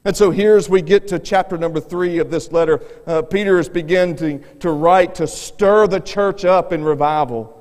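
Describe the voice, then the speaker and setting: A man's voice: high-pitched, normal speed, hardly any pauses, darkish tone. A man preaching a revival sermon as an evangelist, earnest and given to repeating words as he starts his phrases. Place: church sanctuary. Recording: long church reverb.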